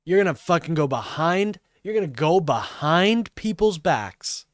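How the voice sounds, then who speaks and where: A man's voice: a little high, sing-song, a little slow, no room sound, studio quality. A man live streaming commentary, ranting and swearing in exasperation.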